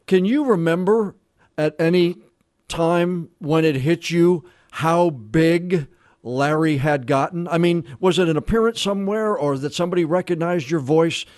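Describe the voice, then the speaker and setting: Newspaper guy doing an interview, longwinded questions, higher voice, dry. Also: unhurried, a little mellow, no echo. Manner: long, chatty questions. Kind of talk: casual interview.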